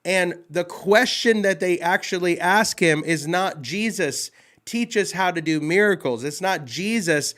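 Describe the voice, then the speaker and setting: A man's voice: sits high, unhurried, a bit bright. A man hosting a devotional talk show, fired up and emphatic, often repeating himself as he speaks. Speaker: host.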